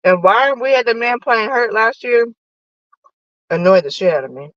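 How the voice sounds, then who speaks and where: A woman hosting a casual, profane sports chat from her parked car while eating lunch, animated and nosy. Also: on the high side, normal speed, dry recording, dull audio. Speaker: sports podcast host. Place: parked car in a parking lot.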